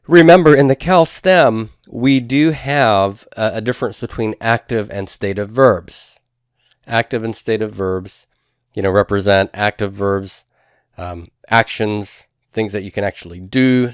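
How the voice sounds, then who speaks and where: A man's voice: on the low side, smooth, no echo, clean studio sound. A man teaching a recorded lesson, explaining step by step in a patient, methodical way with frequent fillers. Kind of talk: recorded classroom lecture.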